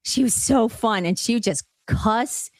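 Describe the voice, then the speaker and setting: A woman's voice: a little high, unhurried, darkish tone, no echo. A woman with a New Jersey accent, chatting and telling stories with laughs as a podcast guest. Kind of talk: casual chat.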